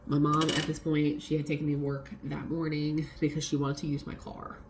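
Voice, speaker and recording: A woman's voice: low-pitched, a little fast, noisy background. A young adult woman vlogging a casual storytime, swearing freely and acting out what others said. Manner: swearing, animated retelling with quoted voices.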